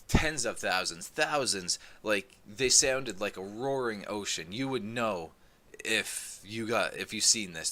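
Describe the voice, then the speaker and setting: A man casually recapping a comic book volume, rambling and filling gaps with "um" as he gets excited about the story. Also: on the low side. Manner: rambling, many "um"s, excitable retelling. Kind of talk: casual plot recap review.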